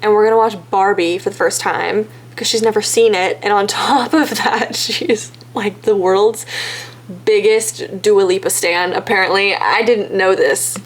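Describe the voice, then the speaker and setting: A woman's voice: medium pitch, fairly even intonation, unhurried. A woman in her twenties with a Texan accent, talking casually and rambling in a self-deprecating vlog. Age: 20s. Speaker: vlogger. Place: in a car, then at home.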